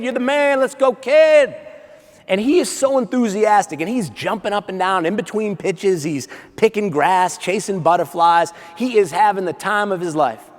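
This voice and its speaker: A man giving a motivational keynote in a large conference hall, playful and lively, talking directly with his audience. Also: high voice. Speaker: keynote speaker. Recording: long reverb of a large hall.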